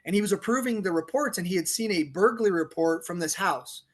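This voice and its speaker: A middle-aged man, a police officer turned author, telling a story on a podcast in a lively, laughing way and acting out the quotes. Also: high voice, fairly quick. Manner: animated storyteller, laughs often, acts out quotes. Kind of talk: casual storytelling interview.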